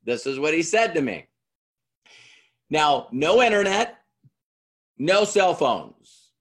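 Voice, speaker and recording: A man's voice: on the high side, big pitch swings, takes it slowly, a bit bright, breathy edge. A middle-aged man giving a motivational stage talk, emphatic, repeating key lines and asking the audience questions. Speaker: motivational speaker.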